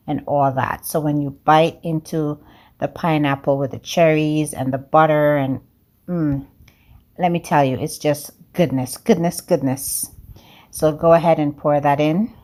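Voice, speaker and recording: Low-voiced lady with an accent walking viewers thru a cake recipe, chatty and upbeat. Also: darkish tone. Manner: upbeat, talks straight to viewers as "guys"; speaks with a non-native accent of English. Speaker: home cooking vlogger. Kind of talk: chatty cooking demonstration.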